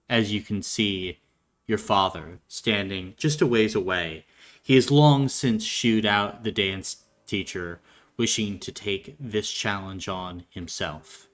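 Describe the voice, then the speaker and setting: A man runs a tabletop game and narrates scenes in a soft, measured voice. His voice is low-pitched but bright, and his pace is very slow. Faint music plays underneath. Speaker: game master.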